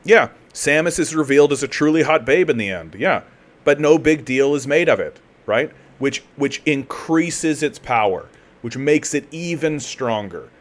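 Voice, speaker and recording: A man from Canada hosting a political commentary livestream and reading chat. He rants heatedly, swears often and restarts his sentences again and again. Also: medium pitch. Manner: profane, heated ranting with repeated restarts.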